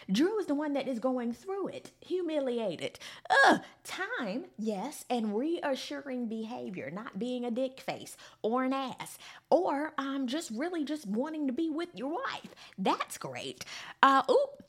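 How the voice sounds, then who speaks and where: Woman, podcast host, sassy recap chatter, animated pitch, slightly high voice. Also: slow pace. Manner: sassy and expressive, calls listeners honey and child.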